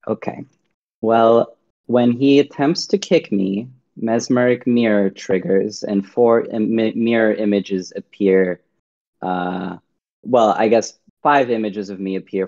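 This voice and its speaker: A man's voice: lowish voice, fairly even intonation, measured pace, vocal fry, dark tone, lo-fi sound. A man playing a tabletop game, chatting in a playful, teasing way. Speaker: player. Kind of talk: casual tabletop game chat.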